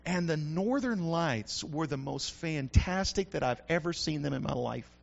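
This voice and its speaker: A man's voice: fairly high pitch, expressive, normal speed, creaky. A middle-aged male pastor giving a folksy, emphatic sermon with repeated refrains. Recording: muffled lo-fi recording.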